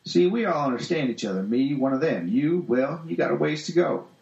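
A man's voice: fairly high pitch, expressive, a little fast, vocal fry, darkish tone, echoey room, dull audio, pitched above the performer's own voice. A man reading aloud and voicing a lippy, mocking young male superhero in a sarcastic, taunting way.

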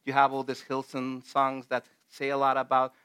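A man's voice: medium pitch, monotone, moderate pace, fairly bright tone, smooth. A man who is not a native English speaker, leading a casual Bible study in an earnest, emphatic way with many fillers and restarts. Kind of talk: casual group Bible teaching.

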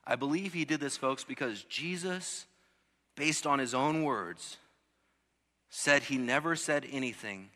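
A pastor in his thirties preaching a sermon, rising to loud emphatic lines and dropping to soft ones, often repeating words as he restarts. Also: medium pitch, slow, long pauses, long reverb tail.

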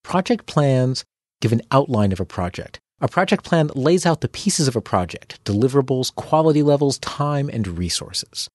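A man's voice: mid-range voice, expressive, moderate pace, a little mellow, no room sound, clean studio sound. A man hosting a tips podcast, reading a script with playful, dramatic asides. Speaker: podcast host.

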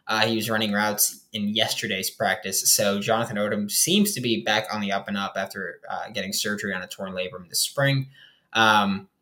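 Pushed and bright, yet lowish in pitch, a young man's voice carries a casual sports show. He picks apart his team's roster in a rambling, filler-heavy way.

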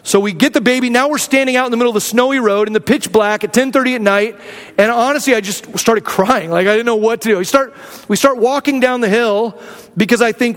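An earnest male pastor from Arizona tells a personal story during his sermon. He talks in a candid, conversational way, full of restarts. His voice sits high, and a long reverb trails behind each phrase as in a large hall. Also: fairly quick, a bit bright. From Arizona, USA.

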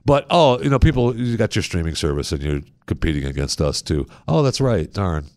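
A man's voice: low voice, brisk, no room sound, clean studio sound. A man hosting a talk show, bantering and telling comic stories, acting out little scenes as he goes. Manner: animated storyteller acting out scenes.

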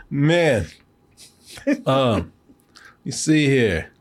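Husky laughing man in casual chat. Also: medium pitch, extremely slow. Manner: laughing, animated storytelling, acts out quotes. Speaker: movie review show host.

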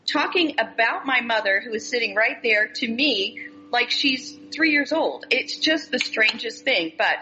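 A chatty older woman with a bright, forceful voice co-hosts a casual talk show. She pokes fun at herself as she talks. The recording sounds dull and muffled. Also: a little high, lively intonation, measured pace, faint music behind. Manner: chatty, self-mocking. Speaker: podcast co-host. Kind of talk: casual chat.

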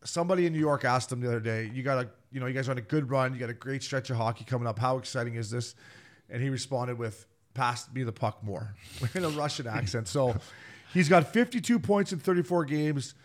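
A man's voice: mid-range voice, fast. A man hosting a casual hockey podcast, talking loosely and swearing now and then. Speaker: podcast host. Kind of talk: casual sports chat.

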